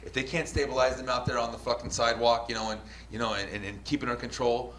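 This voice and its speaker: A man hosting a show, telling a story in a casual, profane and animated way. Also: medium pitch, quick pace, slight background noise. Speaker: show host and news videographer.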